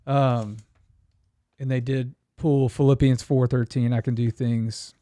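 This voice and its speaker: A man on a podcast speaking slowly and earnestly in casual chat. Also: medium pitch, flat delivery, warm tone, no room sound. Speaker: podcast co-host.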